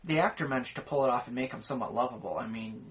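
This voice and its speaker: A man's voice: medium pitch, very fast. A man co-hosting a podcast in casual chat, talking at length with many fillers. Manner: rambling, talkative, lots of fillers. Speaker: podcast co-host. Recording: dull lo-fi podcast audio.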